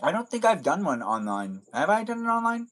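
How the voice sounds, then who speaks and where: A man's voice: high voice, very animated, brisk, a bit bright, rough recording. A man hosting a casual live stream chat, rambling and circling back to his own catchphrases.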